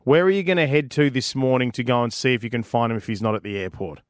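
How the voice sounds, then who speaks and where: Laughing radio host. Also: male voice, medium pitch, fast talker, no echo, studio quality. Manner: playful, laughs often, rambling. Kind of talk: casual radio banter.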